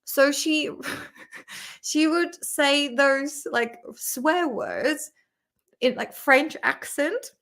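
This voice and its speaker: A young native Czech speaker from the Czech Republic hosts a casual chat in Czech-accented speech, full of fillers and frequent giggles. Her voice is high and fairly bright, and she draws out her words.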